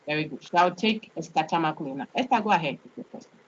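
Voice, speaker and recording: A woman university lecturer speaks in Ghanaian English to a large online class, her low voice quick and lively in intonation. She checks "okay?" and repeats words as she explains, with slight background noise on dull lo-fi call audio.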